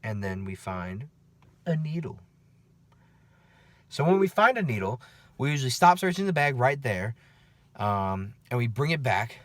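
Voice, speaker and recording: A man recounting his night-shift security work in a loose, chatty vlog. He swears freely and keeps tossing in "okay?" and "right?" to check in with the listener. His voice sits at an ordinary pitch and sounds close and dry, with no room around it. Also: very animated, a little slow, pauses often, fairly bright tone, no room sound. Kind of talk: casual after-work storytelling vlog.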